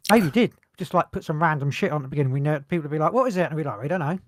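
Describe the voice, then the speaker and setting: A man co-hosting a casual podcast, joking loudly, swearing and slipping into mock voices. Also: a little high, animated, racing. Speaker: podcast co-host. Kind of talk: casual chat.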